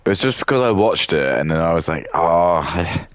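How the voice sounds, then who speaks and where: A man's voice: deep voice, lively intonation, normal speed, no room sound. A man in his thirties rambling and ranting in a casual stream while building models, swearing freely. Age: 30s.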